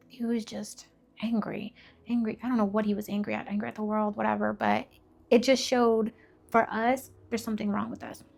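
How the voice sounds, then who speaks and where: Young woman, mid-range voice with fry, candid personal testimony, emotional and rambling. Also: mid-range voice, flat delivery, brisk. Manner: candid, emotional storytelling with many fillers. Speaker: faith vlogger.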